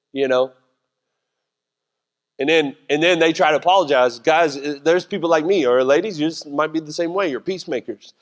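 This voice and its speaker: A middle-aged pastor preaches in a church sanctuary, his slightly high voice carrying the hall's reverb. He moves at a moderate pace with frequent pauses, keeping the sermon casual, joking, and conversational with voiced asides.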